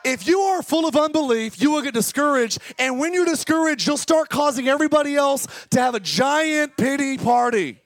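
Guy pastor preaching hard, really high voice, yells a lot, speeds up then slows way down. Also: expressive, no room sound. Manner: impassioned preaching, often shouting, sudden speed changes. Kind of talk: sermon. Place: church service.

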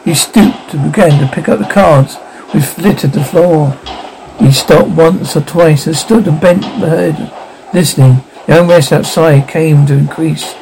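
A man's voice: a little high, measured pace, creaky, a little mellow, a little hiss or hum, low-quality recording. A man narrating a ghost story aloud as an audiobook, giving the characters light voices of their own.

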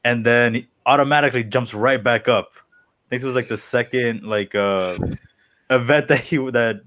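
A man co-hosting a casual wrestling podcast who talks haltingly, repeating words as he goes. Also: medium pitch, a bit bright. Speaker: podcast co-host. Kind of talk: casual chat.

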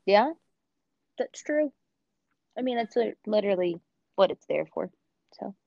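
A woman's voice: mid-range voice, expressive, measured pace, gravelly, mellow, dry recording, highs cut off. A woman in casual chat, talking in an opinionated way with lots of fillers. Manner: chatty, opinionated, many "like" fillers.

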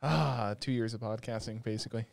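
A man's voice: medium pitch, a little fast, creaky, no room sound. Ranting man on a podcast. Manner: animated ranting storyteller. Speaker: podcast co-host. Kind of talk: casual podcast chat.

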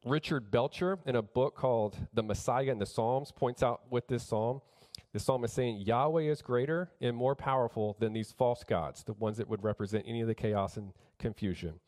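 A middle-aged man delivers a sermon with earnest conviction. He builds emphasis by repeating phrases and often restarts his sentences mid-thought. His voice sits at an ordinary middle pitch. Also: normal speed, a little mellow. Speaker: pastor.

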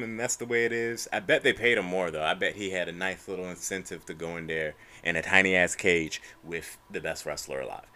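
Young dude podcaster, kinda low voice but bright and sharp, cussing, bro this bro that. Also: male voice. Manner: animated, profane, says bro and man constantly. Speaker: podcast host. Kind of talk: solo fight-news podcast rant.

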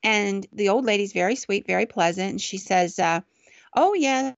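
A woman's voice: medium pitch, fairly even intonation, moderate pace, gravelly, no room sound. A woman podcast host casually telling a ghost story in a chatty, conversational way, on a dull, dry recording.

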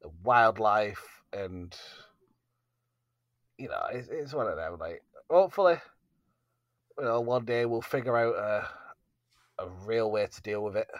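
A man's voice: lowish voice, animated, a little slow, long pauses, dry recording, clean studio sound. A man co-hosting a podcast in casual chat, rambling with many fillers. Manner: rambling, laughing, filler-heavy. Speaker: podcast co-host.

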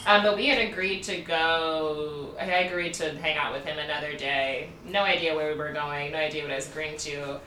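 A twenty-something woman co-hosting a podcast tells a candid, laughter-filled travel story packed with fillers. She speaks in a low, steady, bright and forceful voice at normal speed, with hardly any pauses. The mic is a bit far off in a roomy space, and there's slight background noise.

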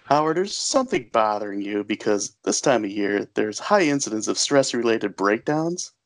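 A man's voice: on the low side, big pitch swings, moderate pace. A man voicing an overly cheerful, cookie-obsessed male house guest who gushes in a sing-song, oblivious way. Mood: gushing.

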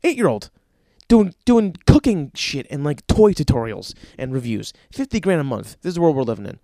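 A man's voice: mid-range voice, vocal fry, dark tone, dry recording, studio quality. A young man hosting a podcast, telling crude stories and ranting with a lot of profanity. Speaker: podcast host. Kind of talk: crude comedic storytelling podcast.

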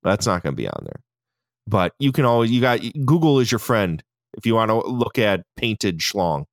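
A man co-hosting a casual film podcast, his pitch swinging widely as he gushes and swears about the movie. He laughs easily, and his voice is close and dry, with no room sound. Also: wildly swooping pitch, moderate pace, vocal fry, no echo. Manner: enthusiastic, profane, laughs often. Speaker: podcast co-host. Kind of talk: casual film review chat.

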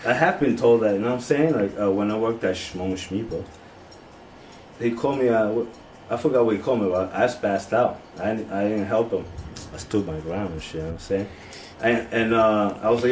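A man co-hosting a casual comedy podcast, telling stories in an animated way that jumps high when he gets worked up. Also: a little fast, roomy sound, distant mic, slight background noise, poor audio. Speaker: podcast co-host.

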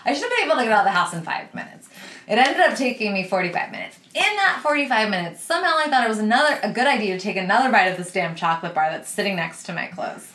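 Animated woman telling a story in a roomy echo. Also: medium pitch, rapid-fire. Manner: animated, laughs often, swears freely. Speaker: podcast host. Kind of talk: casual storytelling.

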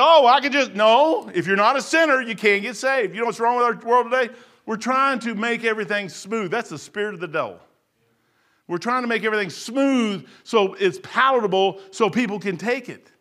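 Emphatic folksy preacher man, bright voice. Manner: folksy, emphatic, swings from loud to low. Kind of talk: sermon.

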